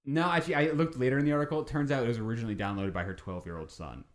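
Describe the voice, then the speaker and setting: A man's voice: mid-range voice, rapid-fire. A man co-hosting a podcast, joking dryly in casual chat and reading out news stories. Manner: dry, joking, reads news stories aloud. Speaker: podcast co-host.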